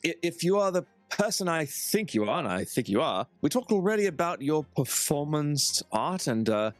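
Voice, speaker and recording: A man's voice: a little high, sing-song, normal speed, no room sound, faint music behind, voice pushed up. A man voicing an older male monster hunter who stammers nervously, then turns stern. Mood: evasive.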